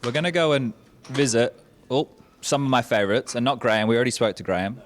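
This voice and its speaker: A man hosting casual interviews with players, teasing and joking as he goes. His voice sits at a middle pitch. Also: fast. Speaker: host.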